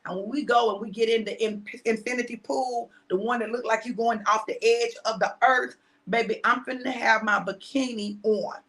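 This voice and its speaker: A woman in her fifties hosting a live stream, giving a casual motivational talk to her viewers. She speaks with heavy repetition and emphasis, preaching at times and dropping into hushed asides. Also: a little high, fairly even intonation, normal speed, few pauses. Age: 50s.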